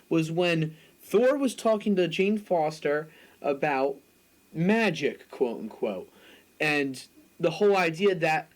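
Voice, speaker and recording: A man's voice: sits high, rough recording. A young man co-hosting a podcast in casual chat, talkative and opinionated, hedging with fillers. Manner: talkative, opinionated, hedges with "like" and "I mean". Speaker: podcast co-host.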